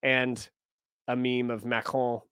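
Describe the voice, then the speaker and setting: A man's voice: medium pitch, level tone, slow, fairly bright tone, clear, resonant tone, dry recording, studio quality. A man hosting a news podcast, talking casually and wryly as he reads and reacts to headlines and posts. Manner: conversational, wry, reads quotes aloud.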